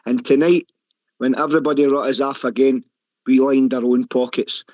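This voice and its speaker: Here is a Scottish man calling into a football phone-in, matey and passionate in how he talks. His voice sits at an ordinary pitch. It comes through a dry, dull, lo-fi line. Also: fairly even intonation, moderate pace, darkish tone, dry recording. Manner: matey, repeats "mate", passionate. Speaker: caller. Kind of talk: casual football phone-in chat.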